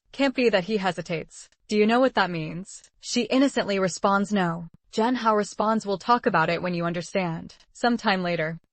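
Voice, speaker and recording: A woman's voice: mid-range voice, no room sound. Woman narrating a story recap, dry. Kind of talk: scripted narration.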